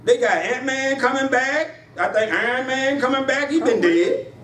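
A man preaching a sermon in a church, with emphatic call-and-response delivery that rises in pitch on his punchlines. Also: moderate pace, a bit bright, distant mic. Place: church sanctuary. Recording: echoey church room, voice from afar, faint hiss.

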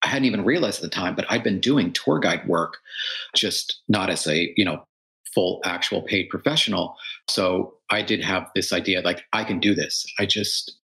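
A man's voice: deep voice, gravelly, fairly bright tone, low-quality recording. A man, a tour business owner, telling his story in a casual podcast interview and acting out what his friends said. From United States. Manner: earnest storytelling, acts out quoted friends.

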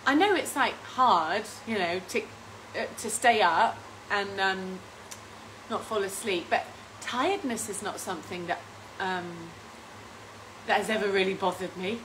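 A woman's voice: medium pitch, measured pace, fairly bright tone, a little hiss or hum, rough recording. A woman, hosting a casual home cooking stream, chatting and rambling with frequent laughs while reading out viewer comments. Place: home kitchen.

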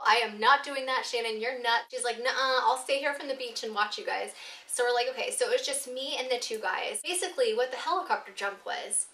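Animated woman telling a wild story, curses a lot, kinda high, roomy echo. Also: recorded from a distance. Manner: animated, laughing, swearing storyteller. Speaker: vlogger. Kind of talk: storytime vlog.

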